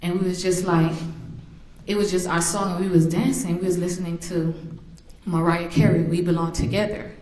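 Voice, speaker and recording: A woman's voice: on the low side, little pitch movement, moderate pace, darkish tone. Grieving mother in an echoey courtroom. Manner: emotional storytelling, acts out remembered voices. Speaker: victim's mother. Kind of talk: victim impact statement.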